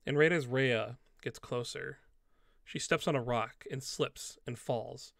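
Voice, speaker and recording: A man's voice: medium pitch, a little slow, vocal fry, no room sound, clean studio sound. A man narrating a tabletop game as game master, in loose, rambling speech full of fillers.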